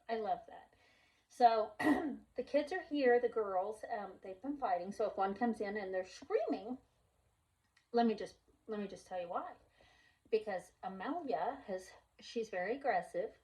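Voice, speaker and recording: A woman's voice: mid-range voice, moderate pace, a little mellow, far from the mic, poor audio. A middle-aged woman chatting casually as a mother and vlogger, rambling through stories and acting out the voices in them. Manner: rambling storyteller who acts out quoted voices. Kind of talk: casual chat.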